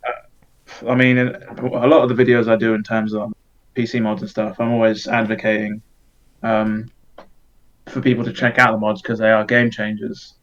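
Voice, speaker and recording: A man's voice: on the low side, little pitch movement, moderate pace, highs cut off. A man who makes game videos, talking casually as a podcast guest, rambling and swearing a little. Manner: rambling, full of fillers and restarts, casual swearing.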